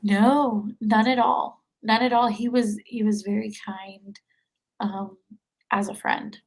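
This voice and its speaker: A woman's voice: mid-range voice, steady tone, slow pace, gravelly, poor audio. A young woman in her twenties, a podcast guest, talking casually with many fillers and frequent laughs. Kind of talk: casual conversation.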